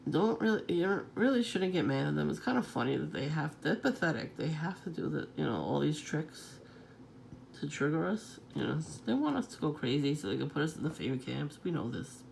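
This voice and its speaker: Very gravelly rambling vlogger. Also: medium pitch, big pitch swings, fairly quick, darkish tone, slight background noise. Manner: rambling, profane, chuckling often. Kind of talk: casual rambling monologue.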